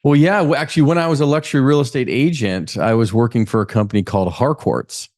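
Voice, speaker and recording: A real estate investor from California guests on an interview podcast, talking energetically with frequent restarts in a casual exchange. His medium-pitched, darkish voice moves fast.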